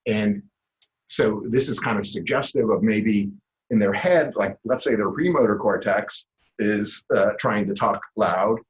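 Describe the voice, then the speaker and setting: A man's voice: fairly low pitch, measured pace, poor audio. Man lecturing with many fillers. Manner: relaxed explaining with many fillers. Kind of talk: classroom lecture.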